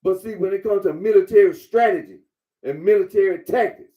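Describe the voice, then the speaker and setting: A man's voice: high-pitched, brisk, phone-quality sound. A man giving a blunt, repetitive monologue, lecturing the listener directly. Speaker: commentator. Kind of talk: casual monologue.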